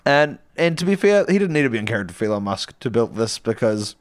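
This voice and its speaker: A man's voice: mid-range voice, sing-song, fast, no echo, clean studio sound. A man co-hosting a comedy podcast, narrating an improvised story in a rambling, playful way with frequent laughs.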